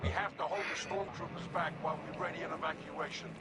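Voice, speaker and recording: A man's voice: on the high side, fairly even intonation, quick pace, very noisy, lightly acted. An actor playing a male rebel commander giving urgent battle orders in a video game. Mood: commanding. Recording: game audio over loud gunfire.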